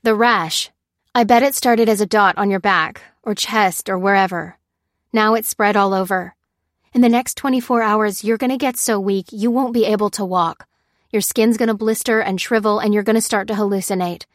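A woman's voice: mid-range voice, steady tone, normal speed, no room sound, clean studio sound, natural voice. Lucy, read by a woman as an urgent commanding woman. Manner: firm, clipped warnings.

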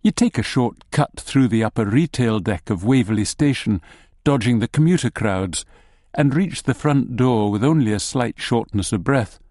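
A man narrating a story in the second person, with a measured, wry delivery. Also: medium pitch, animated, a little mellow, no echo, clean studio sound.

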